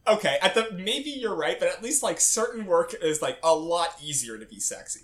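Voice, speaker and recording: 20-something guy on a podcast, rambly, voice jumps all over, kinda high. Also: sing-song, normal speed, fairly bright tone. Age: 20s. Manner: rambling storyteller, lots of fillers and laughs. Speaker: podcast co-host. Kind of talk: casual chat.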